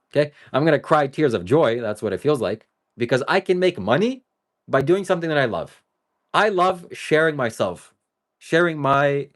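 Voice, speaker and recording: A man talking to his live-stream viewers in a rambling, casual way that swings between joking and earnest. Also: mid-range voice. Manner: talks straight to viewers. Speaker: livestreamer.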